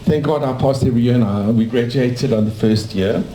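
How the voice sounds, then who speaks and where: There's a slight hiss or hum as an older South African man with a medium-pitched voice talks fairly quickly. The dentist shares his life story with a small audience in a cafe whose room echoes, spinning warm, rambling anecdotes with restarts.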